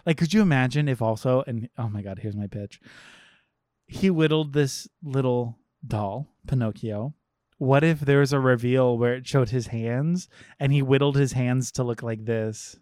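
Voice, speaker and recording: A man's voice: medium pitch, moderate pace, a little mellow, smooth, dry recording, clean studio sound. Sarcastic, profane male podcast co-host. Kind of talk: casual chat, film review.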